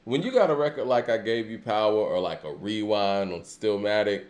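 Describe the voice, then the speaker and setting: A man co-hosting a casual hip hop podcast, speaking in a steady conversational way. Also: on the low side, normal speed. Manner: conversational, steady, reads super chats. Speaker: podcast co-host.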